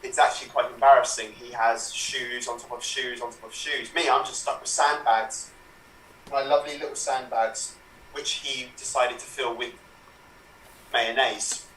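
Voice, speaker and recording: Bright-voiced man rambling from a roomy call. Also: medium pitch, fairly even intonation, moderate pace, a little hiss or hum. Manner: rambling, self-mocking. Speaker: improv performer. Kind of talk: improvised comic monologue. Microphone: video call. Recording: roomy, distant webcam sound.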